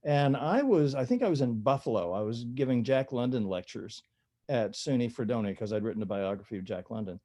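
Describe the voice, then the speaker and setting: An older man, an author guest telling stories in a relaxed, chatty, self-deprecating way in an interview. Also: medium pitch.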